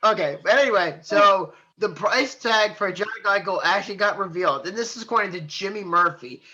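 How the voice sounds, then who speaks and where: A man with a high, sharp, very bright voice, rambling through casual podcast banter and laughing at his own jokes. He talks loosely and teasingly. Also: fairly quick, highs cut off. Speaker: podcast co-host.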